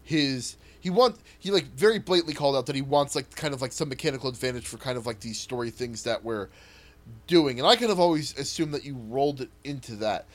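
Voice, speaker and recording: A man tabletop player in casual chat, telling stories in a rambling, animated way and swearing casually. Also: medium pitch, fast talker. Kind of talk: casual podcast chat about a tabletop campaign.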